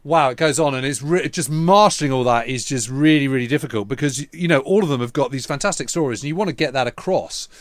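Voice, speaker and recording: A man's voice: medium pitch, quick pace, hardly any pauses, no echo, clean studio sound. A man co-hosting a casual history podcast, talking enthusiastically with many restarts and repeated words. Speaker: podcast co-host.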